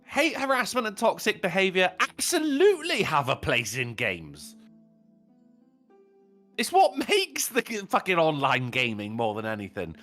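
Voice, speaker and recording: A British man cracking mocking, profane jokes in loose podcast banter. His voice is bright and swings wildly up and down, with faint music underneath. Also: on the high side, wildly swooping pitch, a little slow. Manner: blunt, sweary, mocking. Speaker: podcast co-host. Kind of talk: casual banter.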